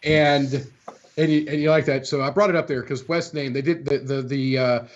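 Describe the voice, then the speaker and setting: A man's voice: medium pitch, fairly even intonation, normal speed, highs cut off. A man co-hosting a podcast in casual chat, rambling and poking fun at himself. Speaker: podcast co-host.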